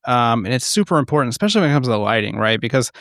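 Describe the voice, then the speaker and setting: A man co-hosting a casual tech podcast who jokes in quick banter. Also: medium pitch, sing-song, a bit bright, no room sound, studio quality. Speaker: podcast co-host.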